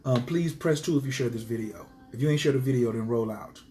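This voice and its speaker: A man's voice: mid-range voice, quick pace, dark tone, faint music behind. A man teaching astrology to his viewers in a casual live stream, speaking passionately and emphatically and driving his points home by repeating them.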